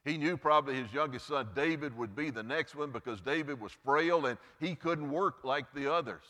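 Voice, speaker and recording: Preaching on Mother's Day from a church sanctuary, this pastor speaks with earnest conviction, his pitch and volume climbing and falling for emphasis before he closes in prayer. His bright, forceful voice moves at normal speed and leaves a long reverb tail.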